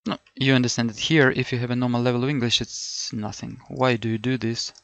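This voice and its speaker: Middle-aged guy from ukraine coaching test prep, gravelly voice, dry close sound, keeps repeating himself. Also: medium pitch, steady tone, fast talker, fairly bright tone, dry recording. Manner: rambling, repeats words, many fillers and self-corrections. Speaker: language test tutor. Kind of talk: thinking-aloud lesson over a screen.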